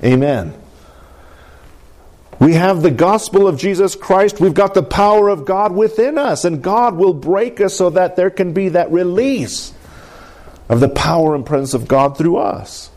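A man preaching a sermon in an animated call-and-response manner, often asking for an amen and laughing. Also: high-pitched, measured pace. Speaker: pastor.

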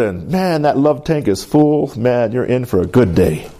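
A middle-aged pastor preaches with a lot of rise and fall in his voice, asking the room for an "amen" as he goes. His tone is mellow and warm, never sharp. Now and then he slips into playful little voices. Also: medium pitch, unhurried. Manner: lively, call-and-response preaching with playful voices. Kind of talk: sermon.

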